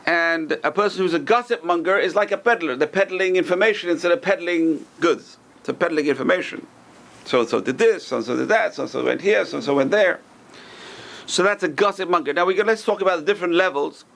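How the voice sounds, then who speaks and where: A man's voice: high-pitched, fairly quick, creaky, a bit bright. A man teaching an informal Torah class as a rabbi, talking conversationally and acting out gossipy lines with joking asides.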